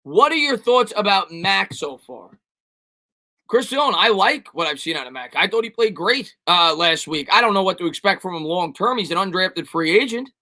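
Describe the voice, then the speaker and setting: A man hosts a relaxed live stream, reading viewers' questions and answering with firm, repetitive opinions. His voice sits high and sounds bright. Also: normal speed. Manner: rambling, repeats himself, emphatic opinions. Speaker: sports YouTuber answering live chat questions.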